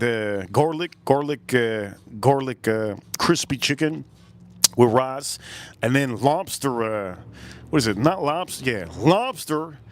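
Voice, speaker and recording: A man hosting a livestream, telling a story in a blunt, profane, rambling way with lots of repeats. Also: on the high side. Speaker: livestream host.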